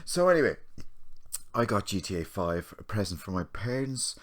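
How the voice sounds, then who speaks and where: A man's voice: on the low side, very animated, normal speed. An English man in his forties co-hosting a podcast, rambling and self-mocking in casual chat. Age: 40s. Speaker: podcast co-host.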